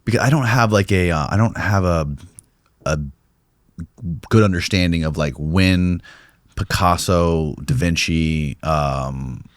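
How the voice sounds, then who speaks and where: A male podcast host with a low voice, asking curious questions that stop and start. The sound is dry and close to the mic. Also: no echo. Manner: curious, asks halting questions. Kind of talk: casual interview.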